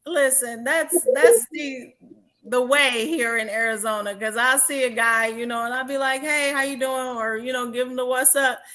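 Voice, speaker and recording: Middle-aged woman, casual podcast co-host, emphatic storyteller, high and bright. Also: moderate pace.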